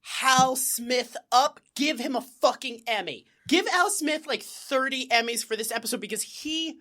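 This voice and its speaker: A man co-hosting a casual comedy podcast, riffing excitably and swearing freely. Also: very high voice, unhurried. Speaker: podcast co-host.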